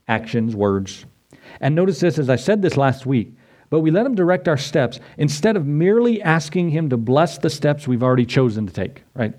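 Man preaching a lively conversational sermon. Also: mid-range voice. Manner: conversational preaching, rising to excited emphasis. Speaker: pastor.

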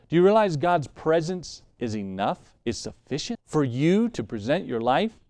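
A man's voice: fairly high pitch, big pitch swings, moderate pace, few pauses, a little mellow, no room sound, clean studio sound. A man preaching a sermon in a conversational way, reading scripture and acting out what the Bible figures say. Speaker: pastor.

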